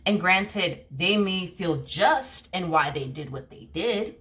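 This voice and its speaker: Casual tarot lady, kinda low voice, rambly, says "you know" a lot and swears a bit. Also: expressive, slow, a bit bright. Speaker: tarot reader.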